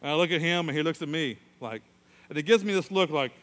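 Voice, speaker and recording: A middle-aged man preaches and tells a story with animated delivery, putting on the voices of the people in it. His voice is bright and forceful and sits a little high. A long reverb from a large hall trails behind his words. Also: quick pace. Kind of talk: sermon with personal story.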